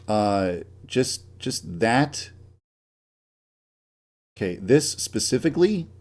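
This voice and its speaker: A man's voice: medium pitch, big pitch swings, takes it slowly, a little mellow. A man streaming his game development work, ranting, swearing a lot and mocking himself as he works. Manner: swears often, rants and grumbles to himself; self-mocking, laughs at his own jokes. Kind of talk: live-stream work commentary.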